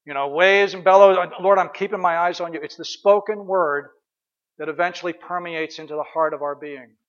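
A man's voice: high-pitched, brisk, fairly bright tone, dull audio. A man preaching a sermon, asking his listeners questions and repeating short prayers over and over.

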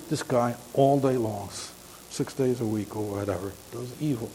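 Older male preacher, mid-pitched, halting storyteller, long hall reverb with faint hiss. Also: fairly even intonation, a little mellow. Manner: halting, rambling, frequent restarts. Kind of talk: informal sermon storytelling.

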